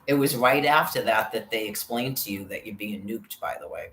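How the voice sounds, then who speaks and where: In a roomy recording with faint background noise, a woman vlogger with a rumbling low, fairly bright voice tells a rambling, profane story about being harassed. She speaks at normal speed, sounding agitated as she rants about her own experience.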